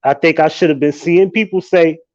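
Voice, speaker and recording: A man hosting a live stream, talking in a casual, animated and profane way, often breaking into laughter. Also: a little high, fairly quick, lo-fi sound.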